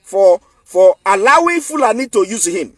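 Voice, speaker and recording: High-voiced Nigerian man, defiant commentary. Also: sing-song, moderate pace, no room sound, faint music behind. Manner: emphatic, defiant and repetitive. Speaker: political commentator. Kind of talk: online commentary vlog.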